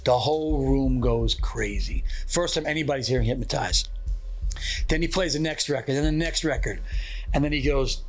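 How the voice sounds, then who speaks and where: Middle-aged guy on a podcast spinning a story, lively voice, does all the quotes himself, little bit of music behind. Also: mid-range voice, normal speed. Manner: animated storyteller acting out quotes. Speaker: podcast co-host. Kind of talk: storytelling in casual chat.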